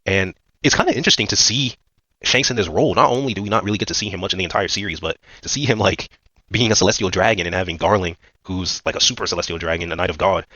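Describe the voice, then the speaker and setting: A man's voice: low voice, fast talker, bright, forceful tone, no room sound, highs cut off. A man giving a casual, rambling recap of a manga chapter, full of fillers and slang. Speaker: manga commentator.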